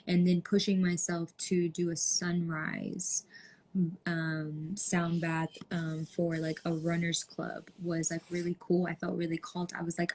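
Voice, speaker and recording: A young woman talks through a relaxed podcast conversation, rambling and peppering her speech with fillers. Her voice sits low and flat, with a gravelly fry running through it. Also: measured pace. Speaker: podcast host. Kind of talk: casual podcast chat.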